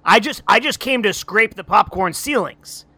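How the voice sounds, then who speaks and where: A man's voice: high voice, lively intonation, normal speed, pushed and bright, exaggerated voice. A man improvising an eager, chipper male workman who has come to scrape the ceilings. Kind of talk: improv comedy scene.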